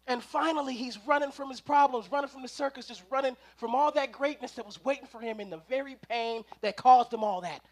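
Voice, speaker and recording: A man giving a storytelling sermon at a live service. His voice sits very high, and he acts out scenes, swinging from loud bursts to near-whispers. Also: a little fast, hardly any pauses. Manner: animated, acting out scenes, swings from loud to hushed. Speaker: preacher at a spiritual center.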